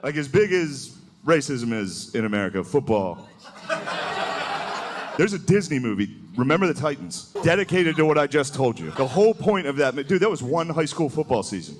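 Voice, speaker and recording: A man's voice: a little high, big pitch swings, normal speed, noisy background. Rambling male stand-up comic. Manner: loose, rambling, casual bro talk. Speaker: stand-up comedian. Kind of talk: stand-up comedy set. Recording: live club recording with audience.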